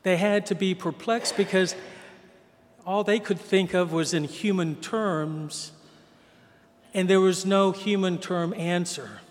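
A man preaching a sermon as pastor, telling the gospel story conversationally and acting out the quoted voices. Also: high voice. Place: church. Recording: long hall reverb.

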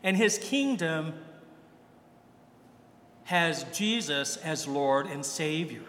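A man with a high-pitched voice preaches a sermon at an unhurried pace, slipping into lively quoted voices as he tells the story. He is recorded in a church, with a long reverberant tail behind every phrase. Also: slight background noise. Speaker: priest. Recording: echoey church hall.

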